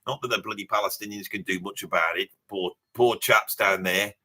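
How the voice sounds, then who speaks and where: A man's voice: on the low side, fairly even intonation, brisk, bright, forceful tone. A man putting on a brash, mouthy metalhead bloke with a Birmingham accent, blustering and rambling through a live reaction stream. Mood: blustery. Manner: blustering and rambling, swears casually, laughs at his own jokes. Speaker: livestream host in character.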